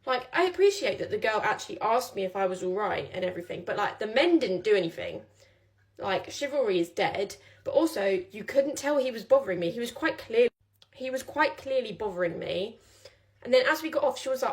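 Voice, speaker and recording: A woman's voice: a little high, sing-song, a little fast. A young woman telling a personal story in a casual vlog, chatty and rambling with many fillers.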